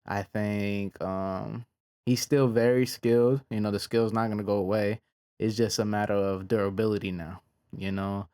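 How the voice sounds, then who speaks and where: A man casually reviewing fight results in a laid-back, slangy way, with frequent pauses. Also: on the low side, little pitch movement, darkish tone. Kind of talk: casual reaction commentary.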